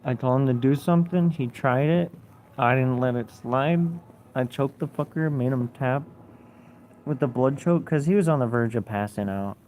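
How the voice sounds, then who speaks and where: A man's voice: medium pitch, normal speed, a little mellow, slight background noise. A man livestreaming, telling a story in casual chat and reading viewer comments, blunt and swearing a lot. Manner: blunt, heavy swearing, rambling.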